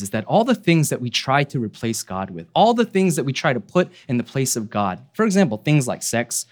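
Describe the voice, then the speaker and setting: Lively, earnest male preacher. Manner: earnest, asks rhetorical questions and drops low for emphasis. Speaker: pastor. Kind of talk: sermon.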